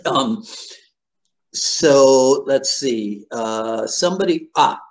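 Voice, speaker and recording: A male interview host speaks slowly, but his pitch moves in a lively way. He keeps the conversation going with short acknowledgments and measured questions. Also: rough recording. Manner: unhurried, frequent short acknowledgments. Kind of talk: casual interview.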